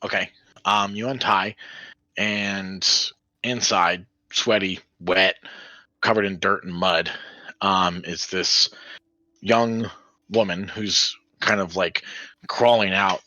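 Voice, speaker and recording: A man's voice: deep voice, takes it slowly, bright, forceful tone, dry recording, dull audio. A man running a tabletop game as game master, rambling with many fillers.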